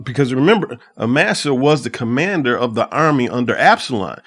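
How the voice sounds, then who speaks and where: A man's voice: medium pitch, a little fast, hardly any pauses, fairly bright tone. Man casually teaching through scripture. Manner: conversational, reads scripture aloud then explains with fillers. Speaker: podcast host teaching Bible. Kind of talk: casual Bible study commentary.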